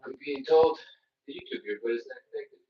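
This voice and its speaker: A man's voice: medium pitch, fairly quick. Chatty male stretching coach, far off. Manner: chatty, self-mocking, counts reps aloud. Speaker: stretching instructor. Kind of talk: live follow-along workout coaching. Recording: roomy, distant, dull lo-fi.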